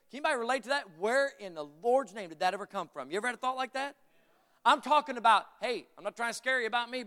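A man's voice: high voice, a bit bright. A male pastor preaching a fervent sermon, repeating phrases and calling for amens from the congregation. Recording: long reverb of a large hall.

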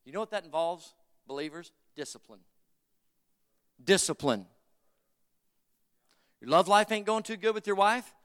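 A man's voice: high-pitched, brisk, a bit bright, smooth. A male pastor preaching a fervent sermon, repeating phrases and calling for amens from the congregation. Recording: long reverb of a large hall.

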